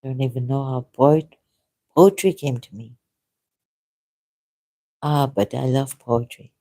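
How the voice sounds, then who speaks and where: Slow, mellow, hesitant casual talker. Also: mid-range voice, fairly even intonation. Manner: hesitant, rambling, self-deprecating. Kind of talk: casual debate chat.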